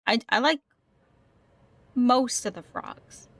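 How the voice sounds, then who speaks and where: A woman's voice: a little high, animated, slow, creaky, fairly bright tone, no room sound. A woman gaming streamer chatting casually with her livestream, reading chat aloud and often repeating herself.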